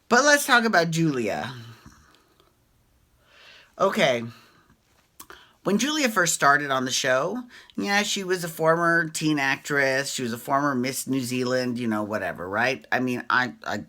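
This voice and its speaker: A woman's voice: extremely low pitch, sharp tone. A woman hosting a casual reality TV recap, chatty and opinionated, swearing freely and often tagging her points with "right?".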